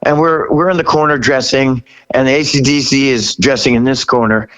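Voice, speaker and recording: A man in his sixties, a rock singer guest, telling stories in an interview with animated energy, laughing and acting out what people said. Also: mid-range voice, fairly quick, rough recording. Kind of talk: storytelling interview.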